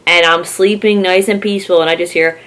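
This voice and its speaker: A woman's voice: lowish voice, steady tone, brisk, a bit bright, a little hiss or hum. A young woman from Philadelphia telling a rambling story on her vlog, with lots of "like" and swearing. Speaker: horror vlogger.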